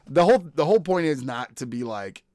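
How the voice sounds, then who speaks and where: A man's voice: mid-range voice, big pitch swings, a little fast, darkish tone, no room sound, studio quality. A man in his thirties hosting a podcast, telling stories in casual chat, laughing often and acting out quoted voices. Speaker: podcast host.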